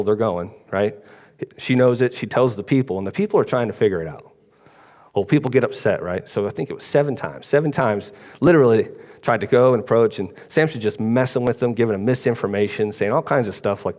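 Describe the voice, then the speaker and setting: A preacher with a slightly mellow voice on the low side gives a casual, rambling sermon in a large church hall. He's chatty and often asks the congregation "right?" to check in with them.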